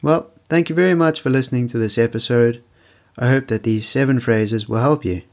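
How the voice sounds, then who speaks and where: A man presenting a scripted English lesson podcast, explaining phrases slowly and clearly with examples. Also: medium pitch, darkish tone. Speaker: English teacher.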